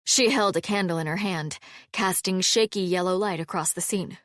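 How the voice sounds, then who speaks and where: A woman narrating a fantasy audiobook in an even, measured storytelling manner. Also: lowish voice, dry recording, studio quality.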